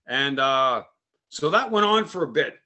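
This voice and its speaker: A man's voice: medium pitch, animated, measured pace, sharp tone. A French Canadian man from Canada telling a casual, rambling story, full of "eh" and "man" tags. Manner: rambling, frequent "eh" and "man" fillers. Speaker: podcast host.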